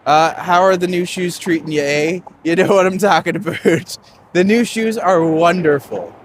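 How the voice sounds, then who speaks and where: A man's voice: high-pitched, normal speed, a little hiss or hum. A man from Canada, a tour guide, chatting and joking while walking uphill outdoors. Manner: joking and chatty, laughs often. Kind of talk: casual chat while walking.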